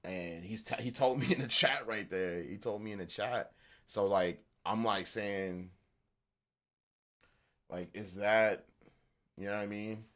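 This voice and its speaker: A man with a Southern accent hosting a beat-making livestream, chatting casually in a halting, rambling way and swearing freely. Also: fairly low pitch, a bit bright. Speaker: beatmaker livestream host. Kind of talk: casual live-stream chat.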